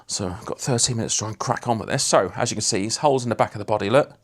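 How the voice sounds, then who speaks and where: Speaking fast in a lowish voice, this man runs a casual livestream, bantering with and ribbing his viewers as he works on a guitar. He comes from Lincolnshire, England.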